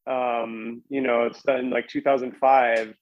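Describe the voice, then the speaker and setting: A man's voice: medium pitch, little pitch movement, measured pace, no room sound. Man, podcast guest, rambling storyteller, dry close sound, slightly dull lo-fi audio. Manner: rambling, frequent "like" and restarts. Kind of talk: casual storytelling.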